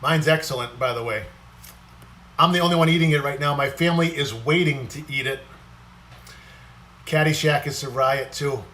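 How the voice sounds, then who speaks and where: Man, fairly high voice, casual live-stream host chatting with viewers while cooking. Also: normal speed, pauses often, bright, forceful tone. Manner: chatty, greets viewers by name while eating.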